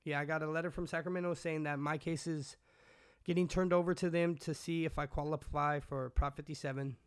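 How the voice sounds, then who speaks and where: A man from California tells his story in a loose, rambling way, swearing constantly and dropping slang as he goes. His voice sits a little high for a man. It is an interview, and he is the guest. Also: steady tone, fairly quick, clean tone. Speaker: guest recounting his past. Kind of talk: casual storytelling.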